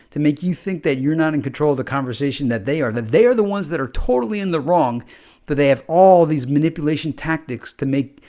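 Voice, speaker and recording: A man's voice: fairly high pitch, a little mellow. A man hosting a podcast, talking in a rambling, conversational monologue and acting out quoted exchanges. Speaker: podcast host. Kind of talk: casual monologue.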